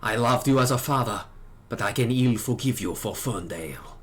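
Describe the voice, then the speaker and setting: A man's voice: medium pitch, animated, normal speed, breathy edge. A man voicing a proud, wrathful young dragoon in a put-on French accent, declaiming accusations while reading game dialogue aloud.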